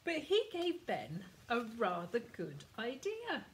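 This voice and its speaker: A woman reading a children's picture book aloud in a gentle, expressive storytelling manner. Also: on the high side, slow pace, slight background noise, poor audio. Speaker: storybook reader.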